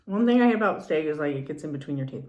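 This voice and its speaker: A woman's voice: deep voice, animated, racing, lo-fi sound. Chatty woman vlogger in echoey room. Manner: chatty, rambling, mouth full between lines. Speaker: mukbang vlogger. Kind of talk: casual eating chat.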